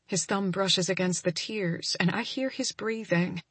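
A woman reads a first-person romance with an intimate, emotional delivery. Her voice sits in a middle range and has a husky, breathy grain. The recording is close and dry. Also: medium pitch, fairly even intonation, unhurried, a bit bright, dry recording. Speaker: audiobook narrator.

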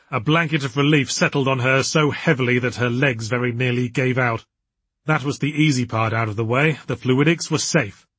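A man reads a novel aloud in a measured storytelling manner. His voice is husky and sits at a middle pitch. The recording is dry and close. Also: a bit bright, no echo. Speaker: narrator. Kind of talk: audiobook narration.

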